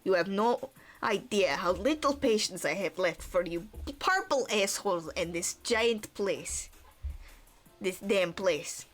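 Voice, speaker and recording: A woman voicing a gruff, short-tempered man who hoards treasure, talking in a threatening, blustery way. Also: mid-range voice, animated, slow, faint music behind. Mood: menacing. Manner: threatening, blustery, with a half-tried tough-guy accent.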